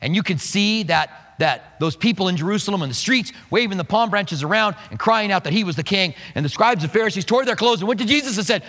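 A man preaching a sermon, animated and playful, acting out quotes with humor. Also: sits high, quick pace, hardly any pauses, big-room sound. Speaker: pastor.

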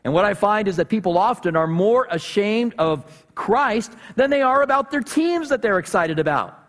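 Male pastor, high voice, animated storytelling sermon, long hall reverb. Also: normal speed. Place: church sanctuary.

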